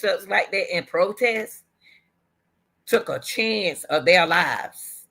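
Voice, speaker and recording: A woman's voice: on the low side, lively intonation, slow, vocal fry, a bit bright. A middle-aged woman hosting a commentary video. She talks with strong emotion, repeats her phrases for emphasis and calls out to the Lord. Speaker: commentary host and track coach.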